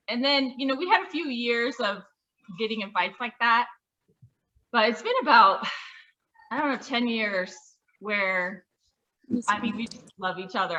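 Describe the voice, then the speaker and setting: A woman shares a family memory in a casual, laughing way. Her voice is bright and forceful. The audio is muffled and lo-fi. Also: fairly high pitch, a little hiss or hum. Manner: warm, laughing, heartfelt. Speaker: family member sharing a memory. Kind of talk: casual storytelling. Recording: dull lo-fi audio.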